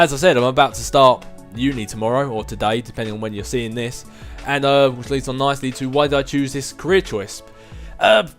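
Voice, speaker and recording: A man in his twenties answering viewer questions in a casual chat, rambling, self-mocking and chuckling often. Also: mid-range voice. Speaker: gaming video host answering viewer questions.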